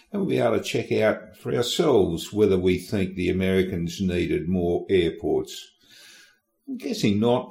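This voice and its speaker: Low-voiced, irreverent male podcast host. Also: creaky, darkish tone, reverberant. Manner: irreverent, sardonic, swears casually; addresses the listener directly. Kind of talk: casual history podcast narration.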